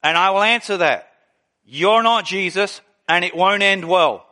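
A man preaching a sermon, telling stories with lively delivery and acting out the people he quotes. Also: high-pitched, measured pace. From Australia. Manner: animated storytelling, acts out quoted people. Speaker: pastor.

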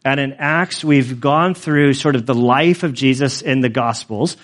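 A male pastor giving a sermon in a relaxed, conversational way, with prayers and a personal story. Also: medium pitch, a little slow. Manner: conversational, storytelling with self-corrections.

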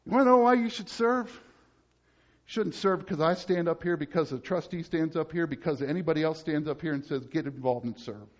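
A male pastor preaching a sermon emphatically, moving between loud urgent passages and low, quiet ones. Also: a little fast, dull audio.

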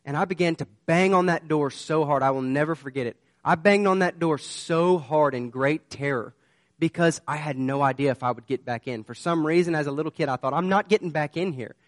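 A man's voice: on the high side, a little fast, dry recording. A man preaching a sermon. He tells a personal story in an earnest, conversational way and turns it into urgent warnings. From southern United States. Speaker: pastor.

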